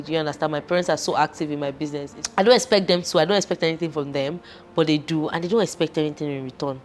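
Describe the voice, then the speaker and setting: A young woman with a Nigerian accent, chatting as a guest in a lively, emotional way and slipping in and out of Pidgin. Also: lowish voice, slight background noise. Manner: animated, switches into Pidgin, emotional. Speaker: guest, fashion entrepreneur. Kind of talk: casual chat.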